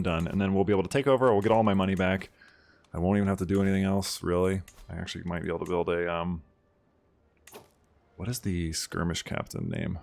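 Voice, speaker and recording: Low-voiced man giving casual game commentary. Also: vocal fry. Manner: chatty, bursts into loud mock outrage and cheering. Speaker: gaming video host. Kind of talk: casual let's-play commentary.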